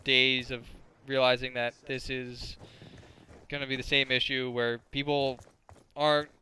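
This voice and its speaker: A man's voice: medium pitch, flat delivery, unhurried, sharp tone, slight background noise. A man in his twenties telling crude, rambling stories as casual gameplay commentary, full of filler words. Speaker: gaming commentator.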